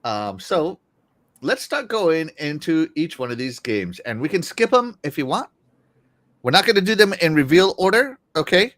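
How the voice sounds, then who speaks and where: A man hosting a casual gaming talk show, excitable and jokey, often trailing off quietly at the ends of sentences. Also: on the high side, normal speed, no echo. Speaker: podcast host.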